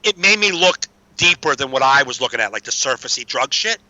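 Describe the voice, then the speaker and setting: A man's voice: medium pitch, expressive, brisk, pushed and bright, no room sound, muffled recording. A man telling recovery stories in a casual chat, streetwise and swearing freely. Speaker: podcast guest.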